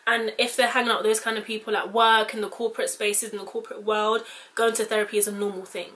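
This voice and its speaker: A woman's voice: medium pitch, flat delivery, quick pace, a bit bright. A young woman with a British accent, talking casually to camera in a rambling, chatty way, full of "like". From United Kingdom. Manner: chatty, rambling, heavy use of "like". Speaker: vlogger.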